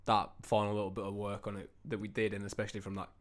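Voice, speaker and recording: A man's voice: fairly low pitch, fast. A man, a band member chatting casually, rambling with plenty of fillers. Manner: relaxed, rambling, filler-heavy. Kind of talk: casual chat.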